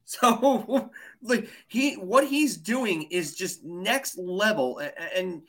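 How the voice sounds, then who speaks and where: A man co-hosting a hockey podcast, arguing his pick in an emphatic, excitable way. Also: high-pitched, measured pace. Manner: emphatic, excitable, argues hard. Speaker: podcast co-host. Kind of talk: casual hockey chat.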